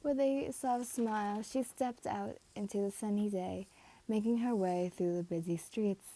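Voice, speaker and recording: Woman reading a fan story casually; mellow tone, stumbles and self-corrects. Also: medium pitch, measured pace. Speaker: reader.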